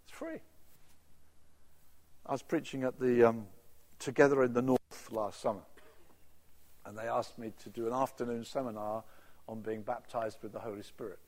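A man preaching a sermon, telling stories and acting out quotes, building to loud emphatic peaks. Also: mid-range voice, normal speed, long pauses. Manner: animated storytelling, voice rising to loud emphatic peaks. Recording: reverberant hall, voice at times off-mic.

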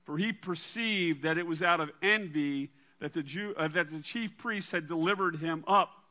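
High, bright-voiced male preacher. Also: moderate pace. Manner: dramatic, drops to a quiet low voice for emphasis. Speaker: pastor. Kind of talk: sermon with scripture reading.

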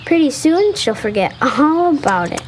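A woman's voice: sits high, big pitch swings, normal speed, slight background noise. A woman voicing an earnest, kind-hearted young boy in a radio drama, talking expressively. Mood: gentle.

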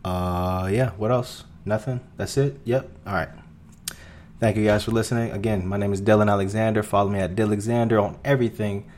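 A man's voice: on the low side, fairly even intonation, a little fast, darkish tone, a little hiss or hum. A young man in his twenties, an open-mic comedian hosting his own podcast, rambling in a profane, self-deprecating monologue. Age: 20s. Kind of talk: casual solo podcast monologue.

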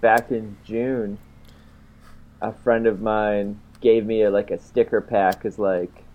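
A man's voice: on the low side, little pitch movement, slow. Laid-back man with a dull lo-fi sound. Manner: laid-back, offhand, swearing. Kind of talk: casual chat.

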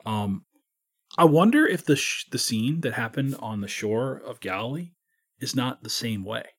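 A man with a husky voice talks scripture with friends in an easy, reflective way. He pictures the scene aloud, circling back and restarting his sentences. His pitch sits at a middling level. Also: animated, moderate pace. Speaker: priest discussing scripture. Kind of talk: conversational faith podcast.

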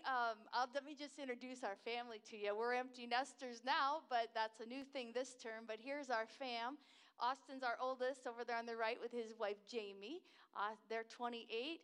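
At a church service, an American woman in her fifties delivers a chatty, enthusiastic missionary talk, drifting off track and laughing at herself. Her voice is fairly high and fairly bright, with a clean tone.

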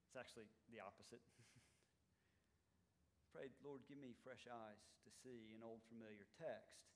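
A man preaching a sermon as pastor, swinging between loud emphatic lines and quiet, low ones. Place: church sanctuary.

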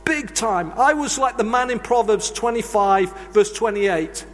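High-voiced preacher in a hall. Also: male voice, measured pace. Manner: earnest, confessional storytelling. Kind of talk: sermon. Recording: long reverb of a large hall.

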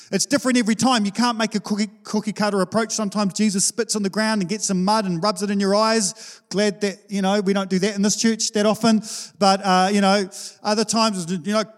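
A man's voice: high-pitched, steady tone, a little fast. A man, preaching a sermon to his church in an informal, conversational way. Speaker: pastor. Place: church hall. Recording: long reverb of a church hall.

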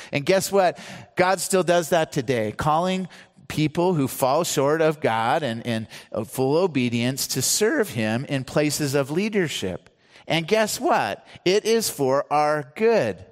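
A pastor preaching a sermon, retelling scripture stories with earnest emphasis. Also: male voice, fairly high pitch. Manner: earnest storytelling preacher, acts out quotes. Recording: hall reverb.

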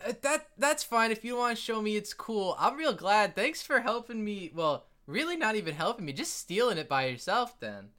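A tiny girl full of wonder, sweet and eager, as a man puts her on in a tabletop game. Her squeaky voice sits far above the speaker's own and rides high and bright. She talks breathlessly and wide-eyed. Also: very animated, moderate pace, few pauses, heavily acted. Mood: grateful. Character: small awestruck young girl, eager and sweet. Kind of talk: tabletop game role-play.

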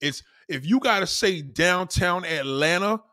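Brief: young New York man, blunt profane rant, higher voice with a bright edge, dry close sound. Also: lively intonation, a little slow, no room sound. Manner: blunt, profane, emphatic with repetition. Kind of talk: casual rant.

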